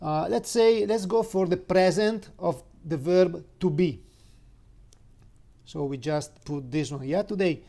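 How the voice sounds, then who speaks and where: A man with an Italian accent, a native Italian speaker giving an informal language lesson, halting with many fillers and spelling words out letter by letter. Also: sits high, gravelly, warm tone. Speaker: Italian teacher.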